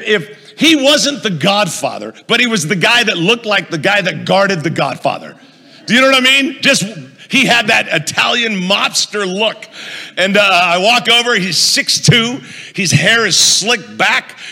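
A man's voice: sits high, gravelly, pushed and bright, long reverb tail. A male pastor preaching a sermon, telling a funny story and quizzing the audience as he goes. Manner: storytelling, asks the audience questions, jokey.

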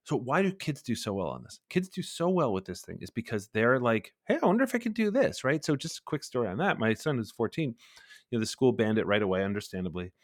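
A man's voice: on the low side, sing-song, brisk. A man in his forties, a guest on an interview podcast, who talks animatedly and acts out little bits of dialogue. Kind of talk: conversational interview.

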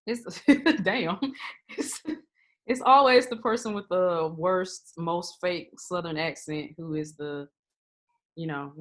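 A woman's voice: fairly low pitch, takes it slowly. A woman on a podcast in casual chat, joking and making playful mock-decisive declarations.

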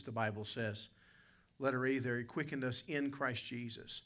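A man's voice: medium pitch, steady tone, normal speed, bright, forceful tone. A man preaching an evening sermon as pastor, telling a folksy, vivid personal story to his church congregation. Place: church sanctuary.

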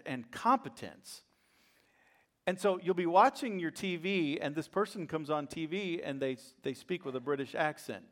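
Animated preaching man, mid-pitched voice. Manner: animated preaching, rising to loud rhetorical questions and dropping to soft asides. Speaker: pastor. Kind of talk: sermon.

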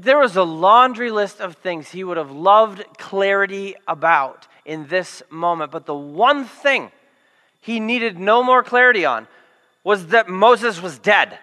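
High, bright-voiced preacher in a big hall. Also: male voice. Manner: animated, jokey storytelling with acted quotes and yelled lines. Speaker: pastor. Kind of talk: sermon.

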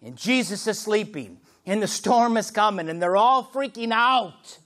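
A middle-aged man preaching a sermon as pastor, swinging from loud, animated bursts to hushed, near-whispered moments. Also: high-pitched, measured pace, few pauses, slight background noise.

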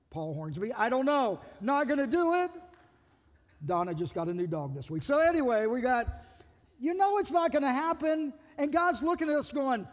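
A male pastor delivers an animated sermon and acts out the voices he quotes, often stumbling and repeating words. His voice sits high for a man. A long reverb from the church hall trails after each phrase.

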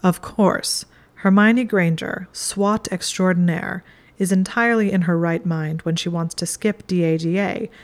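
A woman's voice: fairly low pitch, natural voice. A woman reading an audiobook, voicing an arrogant young male wizard student with a dry, clipped, commanding delivery. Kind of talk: audiobook narration.

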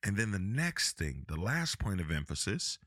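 A man's voice: on the low side, very animated, normal speed, fairly bright tone, no room sound, studio quality. A man hosting a relationship advice podcast, talking emphatically and repeating phrases to drive his points home. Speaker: podcast host.

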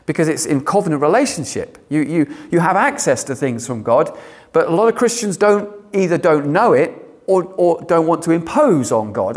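A man preaching a sermon, animated and given to sarcastic asides. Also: fairly high pitch, moderate pace.

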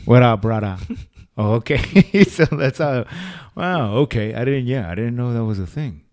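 A man's voice: medium pitch, lively intonation, a little slow, a little mellow, no echo, clean studio sound. A young man in casual chat, curious and laughing, prodding his friend with questions. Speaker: conversation partner.

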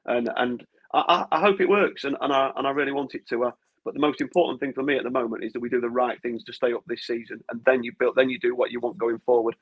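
A man's voice: medium pitch, steady tone, quick pace, husky. A man co-hosting a casual football podcast, talking in long rambling runs full of restarts. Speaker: podcast co-host. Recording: dull lo-fi sound.

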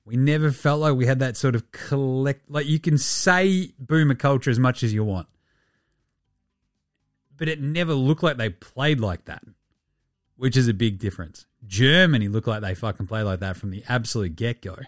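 A man's voice: medium pitch, moderate pace, dry recording, studio quality, faint music behind. An Australian man hosting a casual sports podcast, rambling, swearing freely and laughing at his own jokes. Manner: animated, profane, rambling. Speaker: podcast host.

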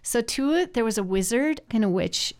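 A woman's voice: on the high side, lively intonation, moderate pace. A woman hosting a podcast and running a law firm, chatty and upbeat, often laughing. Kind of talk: casual chat.

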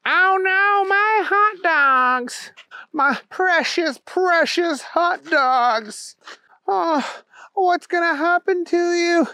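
A man voicing an excitable, hot-dog-loving adult man who wails in a high, whiny squeal. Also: drawn-out words, no echo, full character voice. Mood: anguished.

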